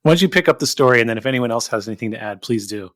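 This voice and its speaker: A man's voice: medium pitch, animated, racing, fairly bright tone, no room sound, clean studio sound. A man, a podcast host, asking guests questions with some hesitation. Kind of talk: interview questions.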